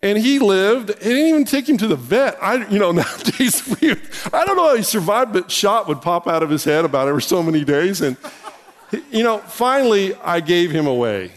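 High-voiced folksy preacher in a reverberant hall. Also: male voice, a little fast. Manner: folksy, animated storyteller who gets louder and higher when excited. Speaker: pastor. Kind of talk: sermon with storytelling.

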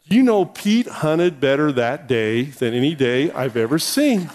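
High-voiced folksy preacher in a reverberant hall. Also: male voice, unhurried. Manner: folksy, animated storyteller who gets louder and higher when excited. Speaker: pastor. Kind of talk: sermon with storytelling.

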